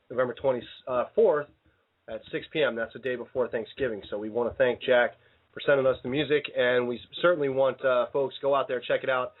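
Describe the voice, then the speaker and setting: A man hosting a casual radio show, rambling and playful, often cutting himself off mid-sentence. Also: medium pitch. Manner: rambling, self-interrupting, playful. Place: radio studio. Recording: tinny phone-like sound.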